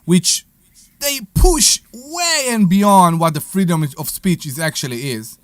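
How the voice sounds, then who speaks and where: Lively, higher-voiced radio co-host. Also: male voice, a little slow, no echo. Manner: excitable, hesitant, playful. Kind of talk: casual radio talk show banter.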